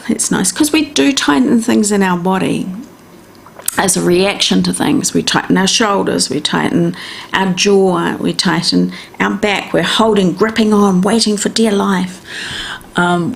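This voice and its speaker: A middle-aged woman with a New Zealand accent hosts a health and wellness radio show, chattily and gently coaching listeners through things step by step. Her medium-pitched voice is creaky with a breathy edge, suited to casual instructional talk.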